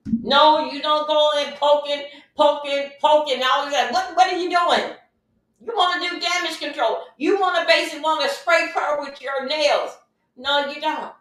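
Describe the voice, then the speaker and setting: A woman's voice: sits high, a bit bright. A woman hosting a casual livestream, chatty and emphatic, often repeating her phrases. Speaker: livestream host. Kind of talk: casual livestream advice talk. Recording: very echoey room, mic far off.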